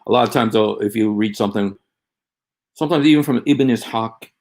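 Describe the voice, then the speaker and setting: A man hosting a casual livestream, talking in a halting, rambling way with many fillers and restarts. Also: fairly low pitch, darkish tone. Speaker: livestream host.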